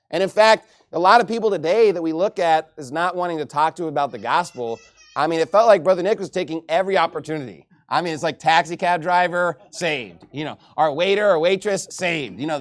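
A man from Texas preaching a sermon in a lively, joking and emphatic way. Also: high voice.

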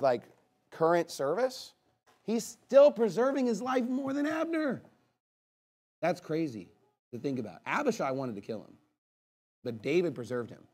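A man preaching from the pulpit with a high, animated voice that swoops up and down. He is emphatic, pressing his points and rising to loud, forceful passages. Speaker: pastor. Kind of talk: sermon.

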